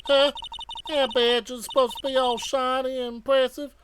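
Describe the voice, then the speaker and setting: A woman's voice: high voice, flat delivery, moderate pace, background noise, close to an everyday voice. Woman putting on a brash Southern country gal. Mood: scolding. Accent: Southern US drawl, put on. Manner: loud, folksy, scolding. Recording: game music playing behind.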